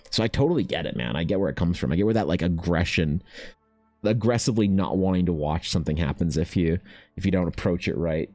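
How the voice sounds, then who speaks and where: A young man chatting casually on his art stream, rambling and swearing freely, often mimicking other people in quick high voices. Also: mellow, no room sound, faint music behind. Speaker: artist streaming while painting.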